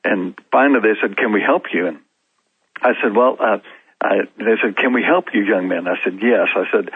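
A man's voice: on the low side, a little fast, husky, dry recording. A man telling his story as a guest on a talk show, with frequent restarts and laughs in between. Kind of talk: storytelling interview answers. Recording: narrow, phone-like dry sound.

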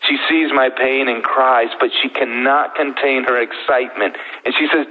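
A middle-aged man telling his personal story as a guest, earnest and heartfelt with slow pauses. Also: mid-range voice, steady tone. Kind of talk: emotional personal testimony. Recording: thin phone-like sound.

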